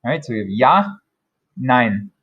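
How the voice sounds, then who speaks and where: A man teaching German vocabulary, repeating each word slowly and carefully. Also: medium pitch, lively intonation, slightly rough, lo-fi sound. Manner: slow, careful modeling of German words. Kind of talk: vocabulary lesson.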